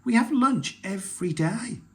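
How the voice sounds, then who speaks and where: A man voicing a cheeky, eager little girl piglet in a read-aloud storybook, with an excitable squealing manner. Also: high-pitched, unhurried, voice pushed up. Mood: excited.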